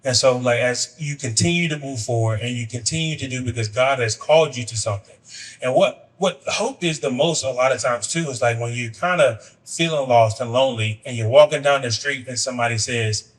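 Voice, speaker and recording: A man's voice: mid-range voice, brisk, recorded from a distance, poor audio. A man hosting a podcast and talking loosely with lots of fillers as he moves between questions. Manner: loose, rambling, uses many fillers. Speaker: podcast host. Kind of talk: casual interview.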